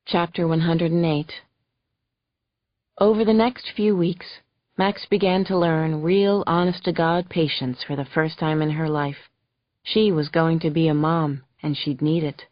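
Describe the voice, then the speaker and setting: A woman narrating a thriller audiobook in the first person with gentle, emotional storytelling. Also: sits low, fairly even intonation, unhurried, no echo. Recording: dull lo-fi audio, faint music.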